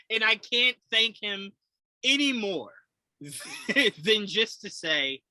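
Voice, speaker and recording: Animated, bright-voiced man chatting. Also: high-pitched, takes it slowly, no room sound, rough recording. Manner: animated, swears, acts out quotes with laughs. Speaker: podcast co-host. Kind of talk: casual chat about movies.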